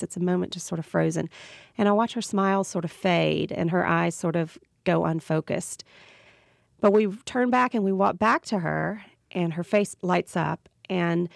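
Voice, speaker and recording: A woman's voice: fairly low pitch, gravelly, no echo, clean studio sound. A woman with a Southern US accent, a radio interview guest telling a personal story earnestly and reflectively. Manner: earnest, reflective, with small restarts.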